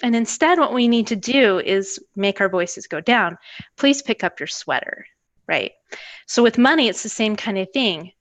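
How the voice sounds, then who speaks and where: A woman's voice: medium pitch, animated, normal speed, no echo. A woman in her thirties talks openly as an interview guest, laughing often and slipping into little quoted scenes to make her points. Her voice sits in a middle range and sounds close and dry, with no room around it. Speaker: guest, tutoring business owner. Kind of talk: casual interview conversation.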